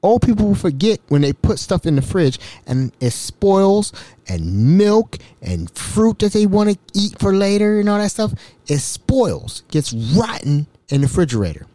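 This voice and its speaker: A man hosting a casual storytelling podcast, chatty and animated, who fills his talk with "you know" and "like.". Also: high voice, measured pace, no echo. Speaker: podcast host recounting work stories.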